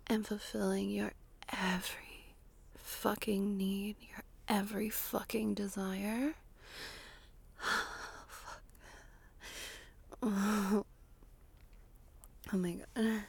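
Woman, slow husky whispered intimate monologue with sighs; fairly high, gravelly voice. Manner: breathy, sighing, slow and lingering, with soft laughs. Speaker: adult audio creator. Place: small closet.

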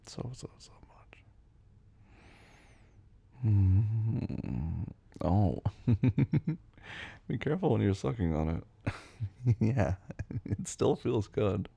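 A man performing an intimate audio role-play, murmuring low and teasing, often breathy and drifting into soft whispers. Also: lo-fi sound.

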